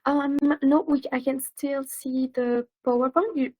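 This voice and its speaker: A woman's voice: sits high, steady tone, measured pace, dull audio. Helpful young-sounding woman hosting over a video call. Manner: helpful, guiding, with fillers like "um" and "like". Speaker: host of a live online session. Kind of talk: casual pre-show chat.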